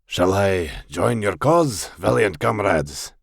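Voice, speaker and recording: A man's voice: sits low, animated, a little slow, gravelly, slightly rough, no echo, clean studio sound, full character voice. A man voicing a bombastic male dwarf warrior role-player, with grandiose archaic phrasing and a failed attempt at a Scottish brogue.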